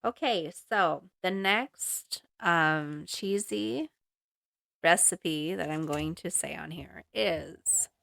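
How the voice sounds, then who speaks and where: A woman's voice: lowish voice, takes it slowly, vocal fry, a bit bright, no room sound, clean studio sound. A young woman hosting a home recipe podcast, reading ingredients and steps in a chatty, apologetic way while fiddling with a handheld mic. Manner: chatty, apologetic, self-conscious about her mic. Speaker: podcast host. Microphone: handheld mic, moved around.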